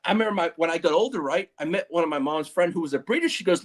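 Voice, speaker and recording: A man's voice: high-pitched, racing, few pauses. A middle-aged man co-hosting a casual livestream chat, telling rambling stories with lots of laughs. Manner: rambling, animated storytelling with laughs. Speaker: show co-host.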